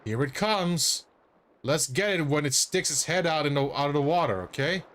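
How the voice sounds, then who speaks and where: A man's voice: a little high, animated, moderate pace, a bit bright. A man streaming a role-playing game, playful, laughing often and reading the game text aloud. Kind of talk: casual gaming commentary.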